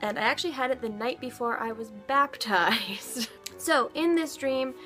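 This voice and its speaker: A woman's voice: fairly high pitch, moderate pace, sharp tone, faint music behind. A woman in her twenties chatting to camera as a vlogger, telling stories casually, giggling and swearing now and then. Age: 20s.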